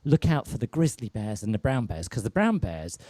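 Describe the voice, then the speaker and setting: A man hosts a live online show as a drag queen from a home set during lockdown, telling rambling, sweary comic stories into a mic on a stand and laughing at his own jokes. His medium-pitched voice is mellow with big pitch swings, a little fast, and dry with no room sound.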